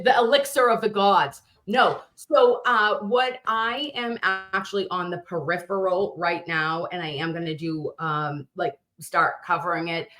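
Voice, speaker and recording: Low-voiced woman guest rambling through cases. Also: a bit bright. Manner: rambling, restarts sentences often. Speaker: guest, true crime content creator. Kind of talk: conversational interview.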